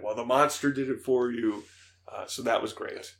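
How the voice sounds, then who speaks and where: Young male podcast co-host, gravelly voice, casual excited game talk. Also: mid-range voice, normal speed. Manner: excited, fillers, laughs, imitates voices. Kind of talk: casual chat.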